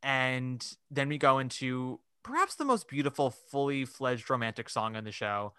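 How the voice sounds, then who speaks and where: A man co-hosts a casual podcast chat in a lively way. He acts out little quoted reactions and leans on "like". His voice is bright, and the sound is dry and close. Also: mid-range voice, normal speed, smooth, dry recording. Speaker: podcast co-host. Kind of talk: casual chat about musical theatre.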